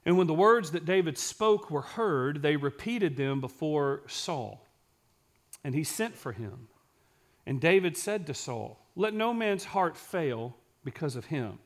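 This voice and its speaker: A man with a slightly high-pitched voice preaches a sermon, reading scripture aloud and then stopping to explain it and ask his listeners questions. At points he sinks into a quiet, intense delivery to drive a point home. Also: animated, unhurried. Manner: drops to a quiet, intense voice for emphasis.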